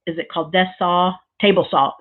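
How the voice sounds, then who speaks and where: A craft vlogger with a fairly low voice talks through a crafting project in a casual, rambling tutorial chat, drifting into side stories and filling pauses with lots of ums. Her delivery is flat and chatty, and the recording sounds thin and tinny, like a phone line.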